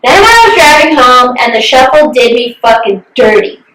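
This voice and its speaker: A woman's voice: on the high side, animated, normal speed, a bit bright, echoey room, distant mic, poor audio. A young woman co-hosting a podcast, chatting candidly, swearing freely and acting out what others said. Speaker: podcast co-host. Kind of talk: casual chat.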